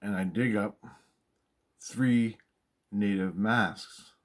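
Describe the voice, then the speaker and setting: Excitable, swearing man telling a story. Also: fairly low pitch, extremely slow. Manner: excitable, profane, repeats himself for emphasis. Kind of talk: casual spoken storytelling monologue.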